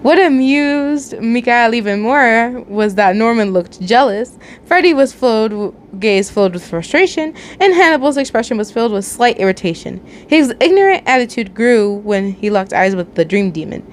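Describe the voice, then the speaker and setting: A woman's voice: fairly high pitch, expressive, moderate pace, slight background noise. A young woman reading a fan story aloud in a casual way, chatty, laughing often and tripping over words. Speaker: channel host reading fanfiction.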